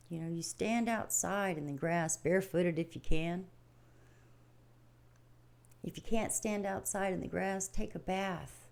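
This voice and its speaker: On her livestream, this middle-aged host talks about spiritual matters in a plain-spoken, folksy way, wandering, circling back over the same points, and laughing often. Her lowish, somewhat mellow voice carries vocal fry, moves a little slowly, and pauses often.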